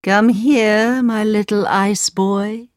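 A woman voicing the Snow Queen, a cold regal queen, speaking slowly and low in a storybook reading. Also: fairly even intonation, clean tone, dry recording, studio quality, natural voice. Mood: commanding.

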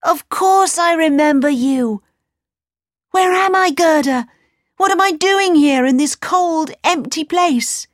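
A woman voicing a young boy in a storybook reading, high and pleading. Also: lively intonation, brisk, hardly any pauses, warm tone, slightly rough, dry recording, clean studio sound. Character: young boy, dazed then warm.

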